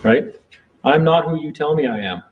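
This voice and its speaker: A man's voice: a little high, lively intonation, normal speed, phone-quality sound, noisy background. A man giving a casual talk to a small group, rambling and repeating himself as he acts out exchanges in court. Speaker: seminar speaker.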